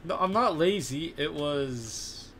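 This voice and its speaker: A young man in casual gaming banter with a friend, loud and excitable, breaking into shouts and laughs. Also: on the high side, takes it slowly, crowd noise. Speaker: gamer on voice chat.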